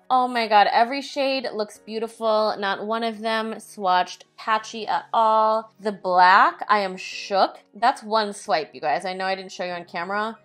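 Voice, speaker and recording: A woman's voice: medium pitch, a bit bright. A young woman reviewing makeup at home in a chatty, playful way, joking and humming bits of song between comments. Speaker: beauty vlogger. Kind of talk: casual makeup review chat. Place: home, indoors.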